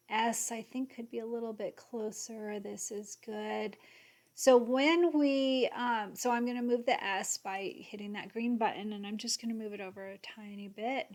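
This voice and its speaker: A woman hosting an embroidery software tutorial, excitable and gushing, sometimes muttering to herself as she clicks along. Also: mid-range voice. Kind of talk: screen-share software tutorial.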